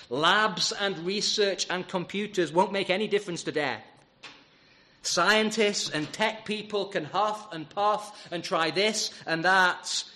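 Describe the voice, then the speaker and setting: A man preaching a sermon, emphatic and rhetorical, with dramatic pauses. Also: sits high, bright, forceful tone.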